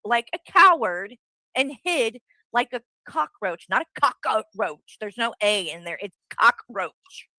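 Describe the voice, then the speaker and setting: A woman's voice: a little high, very animated, unhurried, pushed and bright, no echo, rough recording. A woman arguing on a livestream, bluntly accusing someone with swearing and rambling asides. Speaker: guest confronting the host. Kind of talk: heated livestream argument.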